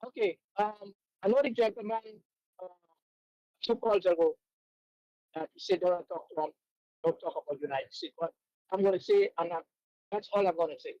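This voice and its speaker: A man calling in to a talk show who speaks in a halting, hesitant way. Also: sits high, mellow, no echo, dull audio. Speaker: caller. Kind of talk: call-in opinion.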